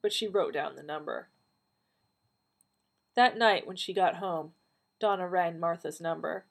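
A woman's voice: measured pace, creaky. A woman reading a story aloud, lightly acting out the dialogue. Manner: lively, acts out dialogue with raised pitch. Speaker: reader of fan fiction. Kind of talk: storybook narration with character voices.

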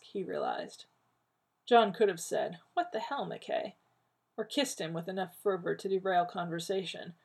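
A woman narrating a work of fiction at a steady, even pace in a husky, gravelly voice. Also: lowish voice. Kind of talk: audiobook reading of fiction.

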